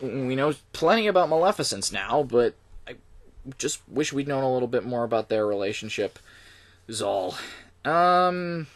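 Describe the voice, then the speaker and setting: Lively, hesitant young man reviewing films. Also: medium pitch, moderate pace, no echo. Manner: hesitant, many ums and restarts; opinionated, lively complaining. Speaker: film reviewer. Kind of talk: casual spoken movie review.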